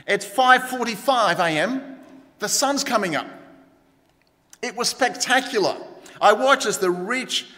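A man's voice: sits high, lively intonation, a little slow, long pauses, sharp tone. A middle-aged man preaching a sermon in a conversational way, turning to the congregation with asides. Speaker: pastor. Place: church hall. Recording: long church reverb.

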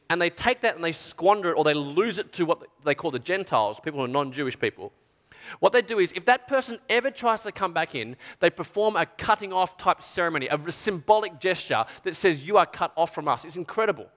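Male preacher, high bright voice, emotional storytelling, long hall reverb. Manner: emotional storytelling, dramatic swings from hushed to shouting. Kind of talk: sermon.

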